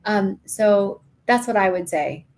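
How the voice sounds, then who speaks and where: Brief: middle-aged woman, podcast co-host, storytelling guide, mid-pitched voice. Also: lively intonation, takes it slowly. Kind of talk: guided imagery exercise in casual chat.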